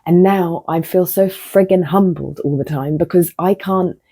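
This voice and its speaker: A woman vlogger with a lowish, unhurried voice and a breathy edge speaks to camera in a casual, reflective monologue. She tells stories frankly, makes fun of herself, and sometimes softens to a near-whisper.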